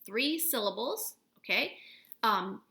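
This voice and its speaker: A woman's voice: on the high side, animated, slow, pushed and bright. A woman teaching a recorded spelling lesson to third graders at home, patient and encouraging as she breaks words into sounds.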